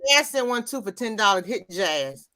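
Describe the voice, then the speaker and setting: A woman panelist in casual chat, making quick interjections. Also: mid-range voice, very animated, bright, forceful tone, no echo.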